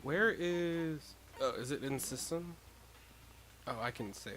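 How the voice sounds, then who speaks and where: A man's voice: on the high side, takes it slowly, fairly bright tone, slight background noise. A man streaming a story game, chatting offhand with laughing asides between reading lines. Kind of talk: casual chat while reading a game aloud.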